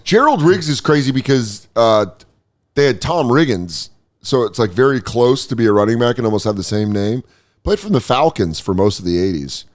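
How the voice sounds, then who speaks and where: A man in his thirties hosting a casual comedy podcast. He talks in an ordinary mid-range voice, riffing loosely and swearing freely as he tells stories. The overall feel is animated, easygoing banter. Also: mid-range voice, moderate pace. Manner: profane, riffing, animated storyteller. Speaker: podcast host.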